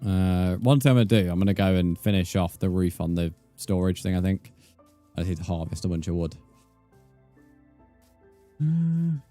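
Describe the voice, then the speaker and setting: Playing a game on stream, a man chats easily with his audience and keeps calling them mate. He has a deep, mellow, animated voice at normal speed, broken by long pauses, with faint music in the background.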